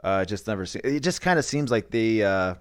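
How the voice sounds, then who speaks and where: A man hosting a podcast in casual chat, talking in a relaxed way with lots of fillers. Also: lowish voice, clear, resonant tone. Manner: relaxed, drawn-out with fillers like uh and you know. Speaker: podcast host.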